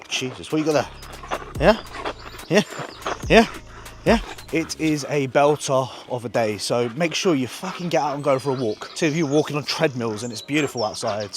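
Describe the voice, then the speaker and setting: A man's voice: mid-range voice, a little hiss or hum. Sweary man vlogging outdoors. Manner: blunt and sweary, chatty. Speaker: bodybuilding vlogger. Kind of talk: casual vlog talking to camera. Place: outdoors on a walk.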